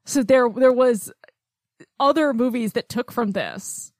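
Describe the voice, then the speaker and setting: A woman's voice: fairly high pitch, slow pace, a little mellow, dry recording, clean studio sound. A woman co-hosting a casual film podcast, talking in a chatty way with frequent ums and light laughs. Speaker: podcast co-host.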